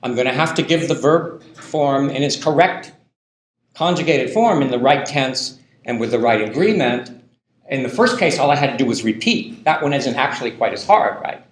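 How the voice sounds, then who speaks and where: A male university lecturer talks a class through a point in a relaxed, conversational way, and he often checks in with the listeners. His pitch sits in an ordinary middle range. The room is echoey, like a lecture hall. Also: normal speed. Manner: loose and conversational, many ums and tag questions.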